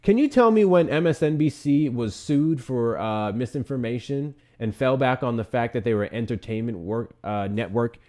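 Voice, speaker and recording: A man's voice: mid-range voice, normal speed, hardly any pauses, darkish tone. A man hosting a livestream debate, exasperated and sarcastic, swearing often.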